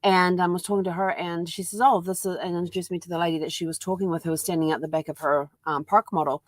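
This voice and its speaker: A woman with a New Zealand accent talks casually in a daily vlog, rambling with many ums. Her voice sits low. The sound is dry and close. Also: fairly even intonation, fast, dry recording. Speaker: vlogger. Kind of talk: casual chat. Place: at home with her dog.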